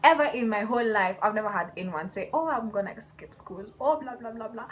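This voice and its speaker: A young woman vlogging a casual storytime, animated and laughing as she acts out the people in it. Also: on the high side, fairly quick, hardly any pauses.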